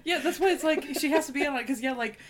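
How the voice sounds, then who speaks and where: A woman co-hosting a podcast in a casual movie chat. Her voice sits a little higher than most women's. She talks animatedly, cuts in eagerly and laughs often. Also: slight background noise. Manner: animated, laughing, quick to jump in. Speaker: podcast co-host.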